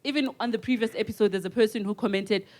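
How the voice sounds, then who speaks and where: A woman's voice: medium pitch, fast talker, a little mellow. A young South African woman co-hosting a podcast, chatting casually and acting out the voices in her anecdotes. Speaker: podcast co-host. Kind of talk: casual chat.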